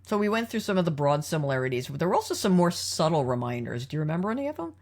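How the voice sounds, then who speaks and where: Deep-voiced and racing along, this woman has big swings in pitch and a darkish tone. On her podcast she dissects episodes casually and analytically, driving the conversation with questions aimed at her co-host.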